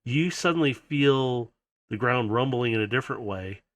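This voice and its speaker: A man's voice: mid-range voice, animated, normal speed, no room sound. Male game master, casual, laughs often, close and dry. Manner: loose, chuckling narration with fillers. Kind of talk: narrating a tabletop game.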